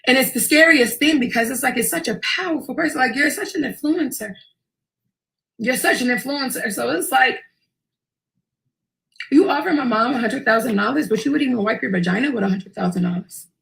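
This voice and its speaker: Gravelly young New woman. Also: sits high, brisk. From Queens, New York. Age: early 20s. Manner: profane, intense, animated retelling. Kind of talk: emotional personal storytelling.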